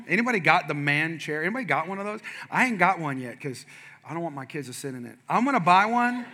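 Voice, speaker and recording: A middle-aged man preaching a sermon, telling stories with humor and talking straight to the congregation. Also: high voice. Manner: animated, humorous, talks to congregation. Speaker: pastor. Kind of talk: sermon with storytelling.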